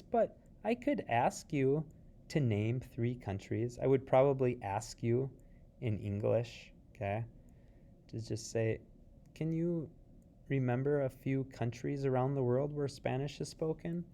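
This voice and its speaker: Slow, patient male Spanish teacher. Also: mid-range voice, warm tone, slight background noise. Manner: slow and patient, models words aloud for learners; casual and jokey, checks in with "see?". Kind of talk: recorded class review lesson.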